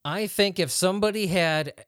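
Reading news headlines on his podcast, a man riffs on them in a loose, joking way, rambling and laughing frequently. He speaks at a moderate pace with a high, fairly bright voice, captured in a dry, clean studio recording.

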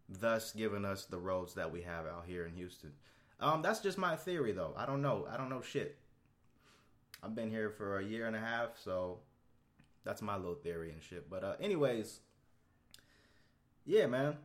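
A young man talks alone on his podcast in a low, relaxed voice, rambling and swearing freely. When he gets heated, his voice jumps up sharply. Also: unhurried, long pauses. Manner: laid-back, profane and rambling, voice jumping up when worked up. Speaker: podcast host. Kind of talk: casual solo podcast monologue. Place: Houston, Texas.

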